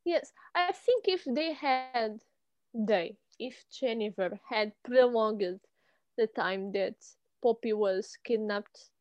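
A woman's voice: on the high side, slow pace, darkish tone, dry recording, dull audio. A woman co-hosting a book podcast, chatting casually and teasing her co-host with blunt remarks. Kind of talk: casual chat.

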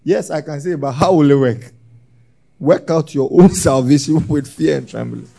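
A man preaching a sermon as pastor, swinging between loud shouts and hushed lines. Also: on the high side, moderate pace, vocal fry.

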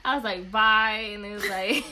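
A woman's voice: mid-range voice, a little fast, fairly bright tone. A young woman co-hosting a podcast, telling a story in casual chat with many fillers and acted-out dialogue. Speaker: podcast co-host.

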